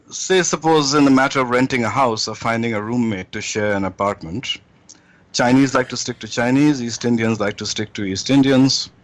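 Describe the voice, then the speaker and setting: A man being interviewed as a guest author, laying out his argument deliberately, often acting out quoted speech. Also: medium pitch, dry recording. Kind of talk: talk show interview.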